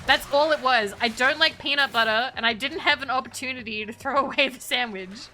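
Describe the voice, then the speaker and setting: A woman's voice: high voice, a little fast, sharp tone, slight background noise. A woman streamer telling a casual, rambling story, giggling often and restarting her sentences. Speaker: VTuber streamer.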